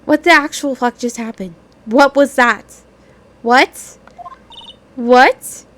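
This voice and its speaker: A woman's voice: sits high, takes it slowly, fairly bright tone. A woman hosting a let's-play, reading and commenting on a game with amused, blunt asides.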